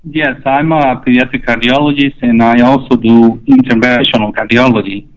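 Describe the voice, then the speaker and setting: Male doctor, halting, mid pitch, muffled phone sound. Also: steady tone. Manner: hesitant with many fillers. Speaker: pediatric cardiologist, phone guest. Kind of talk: phone interview.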